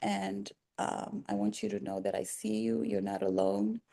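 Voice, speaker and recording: A woman speaking slowly in a personal reflective vlog, with a heavily gravelly, husky texture. Her tone is mellow and warm. She talks earnestly and softly, pausing and starting over as she looks for her words. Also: mid-range voice, little pitch movement. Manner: halting, pausing and restarting, soft-spoken and earnest. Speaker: vlogger.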